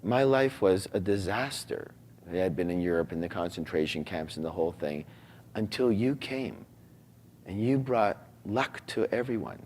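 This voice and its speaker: Low-voiced man in his forties telling a story. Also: lively intonation, moderate pace, slight background noise. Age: 40s. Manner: acts out quoted dialogue, dropping to hushed asides. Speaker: speaker telling a personal story. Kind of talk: emotional personal storytelling.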